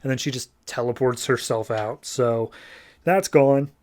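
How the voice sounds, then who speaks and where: A male podcast host recaps comic books in a loose, joking, casual style, paraphrasing the characters along the way. His mid-range voice has a darkish tone and a measured pace.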